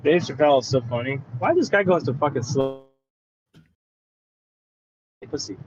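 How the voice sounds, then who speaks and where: A man in a casual voice chat, rambling and swearing excitably while driving. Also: mid-range voice, normal speed, lo-fi sound. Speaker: voice chat participant. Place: in a moving car.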